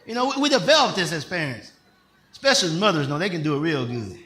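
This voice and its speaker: An older man, a pastor, preaching in a conversational style with call-and-response questions, rising at times to shouts. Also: on the high side, lively intonation, quick pace, reverberant. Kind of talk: sermon.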